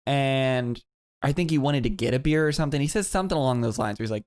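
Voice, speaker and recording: A man tells a long, winding story on a podcast. He is animated and loose, often jumping into a high voice to quote people. The recording is dry and close, with no room sound. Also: quick pace, dry recording. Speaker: podcast co-host. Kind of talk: casual storytelling.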